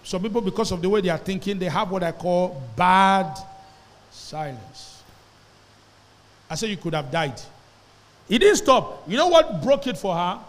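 A male pastor preaching in a high voice. He tells a story and has the congregation repeat phrases back to him. His voice rings with the long reverb of a church hall. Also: animated, unhurried, long pauses. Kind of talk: sermon.

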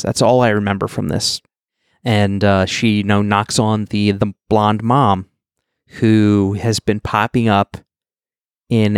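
A man's voice: lowish voice, no echo, clean studio sound. A man co-hosting a podcast, recapping a movie in rambling, wry casual chat. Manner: rambling, many fillers and restarts, wry. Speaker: podcast co-host.

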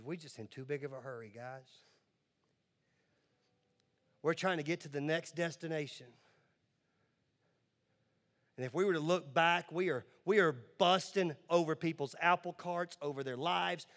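A man's voice: a little high, moderate pace, big-room sound. Man in his forties preaching with passion. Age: 40s. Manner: builds from quiet storytelling to loud, impassioned exhortation. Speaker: pastor. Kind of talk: sermon storytelling.

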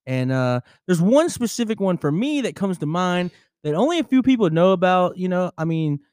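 Dude on a podcast mic telling a bar fight story, laughy, swears a lot, kinda high voice, dry sound. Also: male voice, very animated, normal speed, darkish tone, clear, resonant tone, no echo. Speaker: podcast co-host. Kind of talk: casual chat, storytelling. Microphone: close studio microphone.

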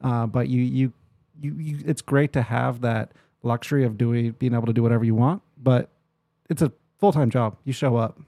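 A realtor man talks business on a podcast in a loose, rambling way, stacking fillers and restarts. His pitch sits mid-range. The recording is dry and close. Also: fairly even intonation, moderate pace, mellow, dry recording. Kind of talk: casual podcast chat.

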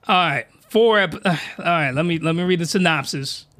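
A man with a high voice talks straight into a close desk mic, hosting his own solo podcast. He rants in slangy, excitable bursts and sometimes shouts when he gets worked up. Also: fairly quick. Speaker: podcast host reviewing anime. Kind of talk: animated solo podcast rant. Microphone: desk microphone, close.

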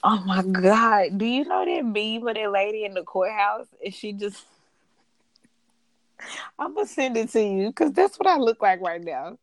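Woman, expressive, agreeing, casual recap chat, dry close recording. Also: mid-range voice, unhurried, no room sound. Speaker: podcast co-host.

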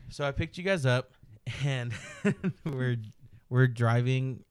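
A young man hosting a podcast, teasing his guest and telling stories in casual chat. He acts out the lines of the people in them. His voice is mid-pitched and smooth. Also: slow pace, a little mellow, dry recording. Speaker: podcast host.

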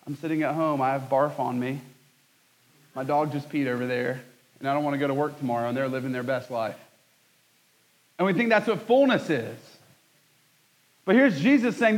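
A man in his thirties preaching a conversational sermon, joking at his own expense with lively asides. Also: mid-range voice, moderate pace, pauses often, poor audio. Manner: conversational, self-deprecating, animated asides. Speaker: pastor.

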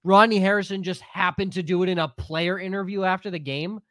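A man's voice: high-pitched, steady tone, fairly quick, fairly bright tone, no echo. Stuffy-nosed man with a dry, close sound. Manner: blunt and profane, runs the listener questions. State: stuffy, congested voice. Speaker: podcast co-host.

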